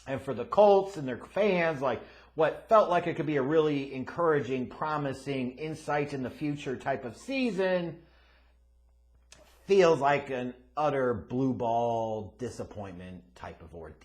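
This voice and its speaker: A man hosting his own sports picks show, casual and profane, dropping to quiet mutters and then bursting into loud, unhinged rants. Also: mid-range voice, expressive, measured pace. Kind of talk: casual sports betting commentary.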